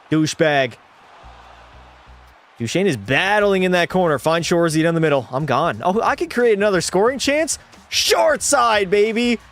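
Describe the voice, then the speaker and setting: A young man with a slightly high voice calls every play of a hockey video game in excitable broadcaster style. He swears freely and chats with his viewers as he plays. Faint music plays softly behind him. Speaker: gaming streamer.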